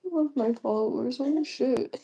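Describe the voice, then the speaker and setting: A young woman livestreaming in a casual chat, reading comments aloud, often giggling and keeping her voice hushed. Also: a little high, measured pace, creaky, breathy edge, highs cut off.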